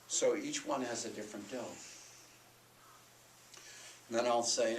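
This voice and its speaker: An older man with a lowish voice lectures at a moderate pace with frequent pauses, recorded from far off in a roomy hall with a bit of hiss or hum. His college lecture is on music teaching, and he breaks into sung solfège and chanted rhythm syllables to demonstrate.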